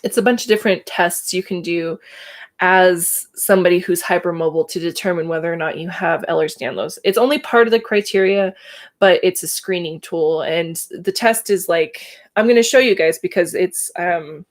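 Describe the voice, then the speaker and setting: A woman's voice: fairly low pitch, normal speed. A woman, telling her own story candidly and with emotion on a casual livestream. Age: 30s. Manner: candid, emotional, laughs between thoughts. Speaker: livestream host.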